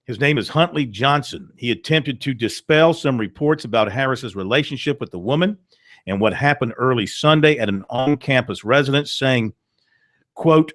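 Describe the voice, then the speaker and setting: Male sports radio host, dry close sound, middle pitch. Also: fairly bright tone, dry recording. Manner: reads out news items and quotes, with fillers. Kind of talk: radio sports talk, reading news items.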